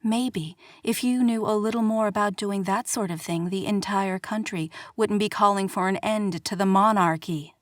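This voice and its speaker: A woman's voice: medium pitch, normal speed, few pauses, no echo, close to an everyday voice. A woman voicing a fiery young dance studio owner who speaks indignantly and accusingly, in an audiobook reading.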